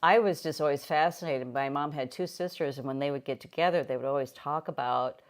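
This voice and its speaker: A woman's voice: low-pitched, fairly quick. An older woman from the United States hosting a casual live-stream chat, talking in a meandering, chatty way with frequent restarts. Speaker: host.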